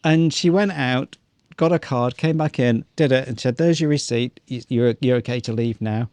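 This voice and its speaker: A man's voice: mid-range voice, moderate pace, no room sound. Chatty man telling a story, dry sound. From New Zealand. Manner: animated storyteller acting out quotes; swears casually. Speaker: vlog co-host. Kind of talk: casual storytelling chat.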